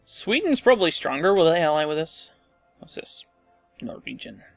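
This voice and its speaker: A man's voice: on the high side, very animated, moderate pace, no room sound, faint music behind. A man casually commenting on a strategy game as he plays, thinking aloud and muttering asides to himself. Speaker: let's play host.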